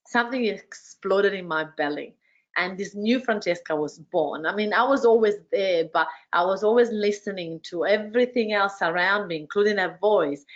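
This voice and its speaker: A woman hosting an online workshop, telling her story with energy and heaping quick praise on participants. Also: on the low side, highs cut off. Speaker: workshop host and business coach. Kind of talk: motivational storytelling to an online audience. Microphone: video call.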